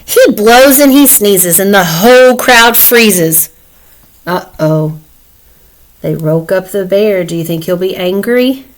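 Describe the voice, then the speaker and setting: Slow, expressive woman reading a picture book. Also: mid-range voice, rough recording. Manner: slow, expressive, asks children questions. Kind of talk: picture-book read-aloud.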